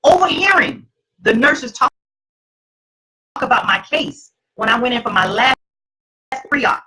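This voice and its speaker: A middle-aged woman, host, telling her personal testimony to an audience in an emphatic, preacherly way, with a husky voice. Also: on the high side, sing-song, unhurried, bright, forceful tone, rough recording.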